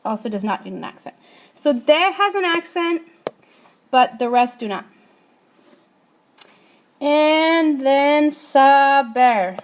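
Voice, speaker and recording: A woman's voice: high voice, lively intonation, takes it slowly, pauses often. A woman teaching a Spanish grammar lesson, asking her class questions and answering them herself.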